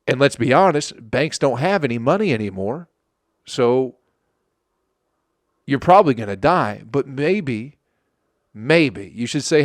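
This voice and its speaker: A man from Michigan riffs through a sarcastic comedy podcast monologue, swearing freely and laughing at his own jokes. His pitch swings widely as he talks. The sound is close and dry. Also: animated, a little slow, dry recording. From Flint, Michigan.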